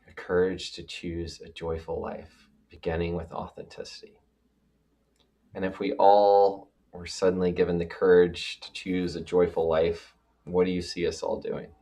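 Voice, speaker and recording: A man's voice: low voice, little pitch movement, normal speed, creaky, mellow. A man hosting a podcast interview, asking questions and affirming his guest's answers. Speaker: podcast host.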